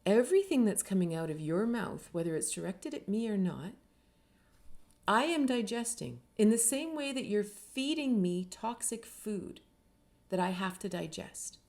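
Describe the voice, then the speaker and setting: A woman's voice: medium pitch, very animated, unhurried, a little mellow. A middle-aged woman from Canada, an author giving an earnest, reflective talk and briefly acting out the people she quotes. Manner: earnest, acts out quoted voices. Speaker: author and speaker.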